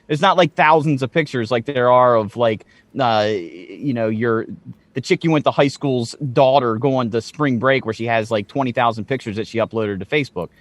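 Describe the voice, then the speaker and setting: A man co-hosting a casual podcast, animated and profane, calling himself short-tempered. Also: medium pitch, normal speed, no echo. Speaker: podcast co-host.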